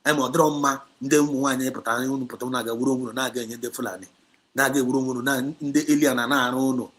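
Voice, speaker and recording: A man with a Nigerian Igbo accent hosts an activist livestream talk, preaching emphatically and scolding with lots of repetition as he switches between Igbo and English. His medium-pitched voice is a bit bright, with fairly even intonation and a racing pace.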